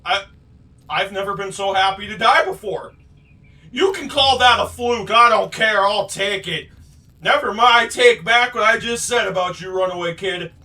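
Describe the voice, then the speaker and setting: A man hosting a game playthrough, muttering to himself and then shouting and swearing in frustration, teasing himself as he plays. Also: high-pitched, normal speed, recorded from a distance. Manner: excitable, swings from muttering to shouting; self-deprecating, swears. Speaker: gaming channel host. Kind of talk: let's play commentary.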